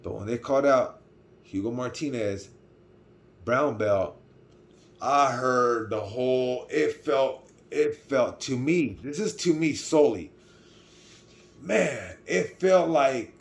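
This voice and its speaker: A man's voice: medium pitch, expressive, takes it slowly. A middle-aged man with a Californian accent telling a personal story in a casual vlog, rambling with restarts and asking "right?" as he goes. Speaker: vlogger.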